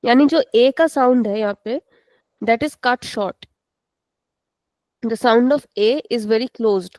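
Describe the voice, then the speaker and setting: A patient woman teaching an online language lesson to students, repeating words slowly and explaining each sound. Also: a little high, warm tone, no echo, rough recording.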